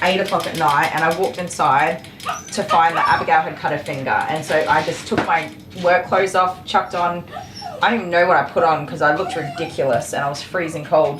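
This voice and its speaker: An Australian woman who works as a dog groomer, chatting casually on a livestream while soothing a restless dog in soft, coaxing tones. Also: low-pitched. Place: grooming salon. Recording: echoey room with clear background noise.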